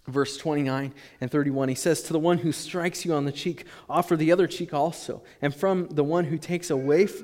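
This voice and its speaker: A man preaching a sermon, reading scripture and acting out quoted voices with rising emphasis. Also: fairly high pitch. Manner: animated, acts out quoted voices, rises loud when emphatic. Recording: long hall reverb.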